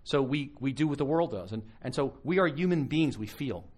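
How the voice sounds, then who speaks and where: A man's voice: mid-range voice, a little fast. A man, a pastor, giving a conversational sermon at a live conference, telling stories with frequent restarts. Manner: animated, storytelling with frequent restarts.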